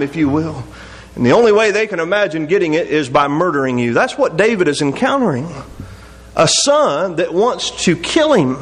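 High-voiced earnest preacher man. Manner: earnest preaching, swinging between soft slow low passages and higher raised appeals; reads scripture in old-fashioned wording. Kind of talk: sermon.

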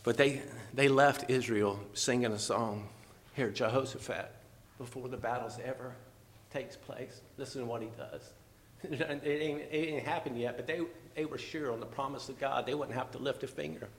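A man preaching a fervent, emotional sermon, at times teary and laughing softly. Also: mid-range voice, normal speed.

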